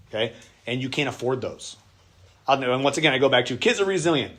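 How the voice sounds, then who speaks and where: A man's voice: medium pitch, fast talker, fairly bright tone. A man, a pastor, teaching a church workshop on parenting in a casual, conversational way, now and then acting out the voices of kids and parents.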